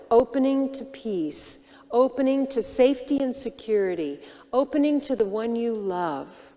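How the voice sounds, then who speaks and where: A woman minister giving a sermon, teaching gently and reflectively and posing questions to the congregation. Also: a little high, big-room sound. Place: church sanctuary.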